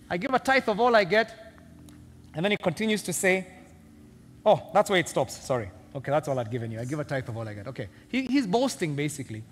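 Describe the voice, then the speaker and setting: A man with a Kenyan accent preaching a sermon as senior pastor, animated and humorous, acting out characters and laughing often. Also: high voice, slight background noise. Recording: long hall reverb.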